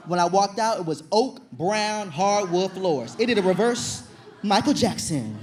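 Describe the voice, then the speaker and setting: High-voiced young man doing stand-up. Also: measured pace, noisy background. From Virginia, USA. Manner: animated storytelling, loud acted-out shouts. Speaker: stand-up comedian. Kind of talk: stand-up comedy performance. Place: comedy stage before an audience.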